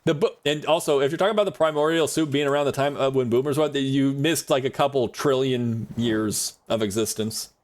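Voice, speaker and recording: A man's voice: mid-range voice, a little fast, hardly any pauses. Rambling, jokey male streamer. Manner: rambling, jokey, laughs often. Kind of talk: casual chat with a live stream audience.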